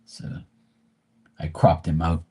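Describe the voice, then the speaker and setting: A man's voice: a bass voice, completely flat delivery, slow, warm tone, slightly rough. A man grieving, talking casually and profanely in a rambling livestream, often restarting his sentences. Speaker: tarot reader streamer.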